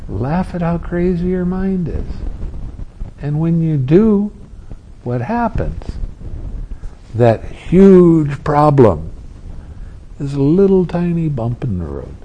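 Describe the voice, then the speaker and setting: A man giving a meditation talk, gentle and amused, who acts out his students' complaints. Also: on the high side, sing-song, a little slow, poor audio. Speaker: meditation teacher. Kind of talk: dharma talk.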